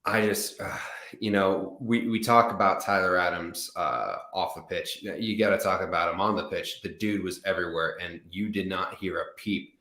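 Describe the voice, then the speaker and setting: American male co-host, deep voice, laid-back sports banter, roomy sound. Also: moderate pace, bright, forceful tone. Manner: casual, repeats words as he starts sentences. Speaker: podcast co-host. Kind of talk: sports analysis chat.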